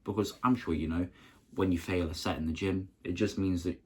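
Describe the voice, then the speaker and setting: A young man talks earnestly to his viewers, very low in pitch with a husky edge. He speaks in short, halting phrases and often restarts his sentences. The delivery is casual and encouraging. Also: steady tone, a little mellow. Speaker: motivational vlogger. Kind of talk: casual motivational talk to camera.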